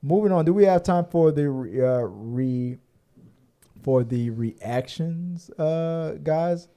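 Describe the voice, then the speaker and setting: A man's voice: fairly high pitch, lively intonation, slow pace, dark tone. A man co-hosting a casual podcast, rambling with many fillers and restarts and the odd curse. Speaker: podcast co-host. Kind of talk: casual chat.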